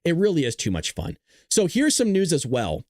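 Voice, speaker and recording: A man with a fairly high voice hosts a live-streamed political commentary show, bouncing between excitable play-by-play, jokes and combative jabs at his chat. He talks close to the microphone in a dry, deadened sound with no room echo. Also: moderate pace. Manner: excitable, joking and combative, talking straight to chat. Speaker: livestream news host.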